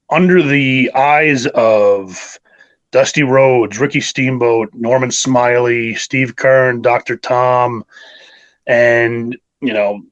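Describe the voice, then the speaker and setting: A man's voice: medium pitch, fairly bright tone, low-quality recording. Enthusiastic rambling man from New York. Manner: rambling, enthusiastic, many fillers. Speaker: wrestler guest. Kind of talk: casual interview.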